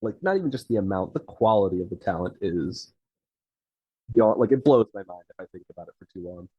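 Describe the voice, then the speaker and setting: A man's voice: low voice, expressive, fast, slightly rough, dry recording, lo-fi sound. A man who writes fiction, a guest on a podcast, talking in a rambling way with many fillers. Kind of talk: casual interview chat.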